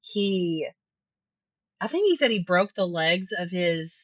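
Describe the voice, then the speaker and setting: A woman's voice: fairly low pitch, expressive, takes it slowly, dry recording, highs cut off. A woman co-hosting a podcast, chatting casually about a book, laughing often and acting out quotes. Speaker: podcast co-host.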